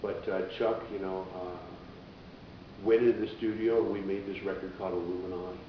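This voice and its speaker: A man's voice: little pitch movement, fairly quick. A man, a radio DJ and musician, telling stories in a rambling, casual way as an interview guest. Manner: rambling, acts out voices in quotes. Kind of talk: casual conversational storytelling. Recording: echoey, dull, distant with low rumble.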